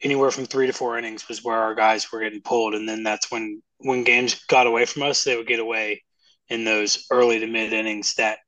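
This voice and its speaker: Male co-host, low monotone but bright tone, dry recording. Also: a little fast, no echo, poor audio. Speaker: podcast co-host. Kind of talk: casual sports podcast chat.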